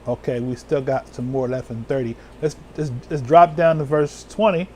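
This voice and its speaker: A man preaching as an elder, reading scripture slowly and talking casually with his listeners. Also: mid-range voice, steady tone, darkish tone, slight background noise. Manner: slow, drawn-out scripture reading with sudden whoops and laughs; casual, talks to viewers live.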